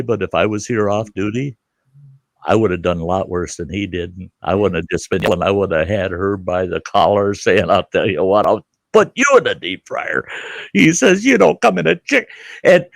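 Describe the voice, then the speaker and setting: An older man telling a story in casual chat, animated and loud, jumping into outraged voices for the people he quotes. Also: on the low side, no echo. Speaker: show host telling a story.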